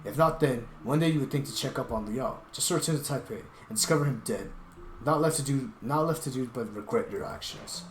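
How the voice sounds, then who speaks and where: A man's voice: mid-range voice, fairly quick, slight background noise, close to an everyday voice. A man doing a furious scornful lecturer. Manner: loud, biting, scornful. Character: furious stern lecturer scolding a naive ally. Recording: roomy echo with game music.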